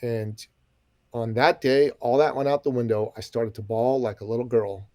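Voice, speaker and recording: Guesting on a podcast, a middle-aged man from an Iranian background launches into animated storytelling, adding emphasis and homespun asides. He speaks at a moderate pace in a medium-pitched, darkish voice with fairly even intonation, captured in clean studio sound with no room noise.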